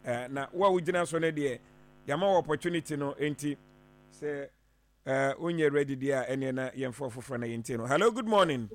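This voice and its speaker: A man hosting a radio phone-in show, greeting callers briskly and keeping things moving. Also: mid-range voice, dry recording. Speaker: radio host.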